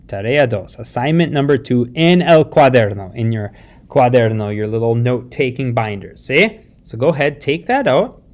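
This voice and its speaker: A man's voice: medium pitch, darkish tone. A man teaching a recorded lesson, explaining step by step in a patient way and often checking in with his students. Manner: patient, explains slowly, mixes English and Spanish words; often adds a rising "see?" check-in. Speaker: Spanish teacher.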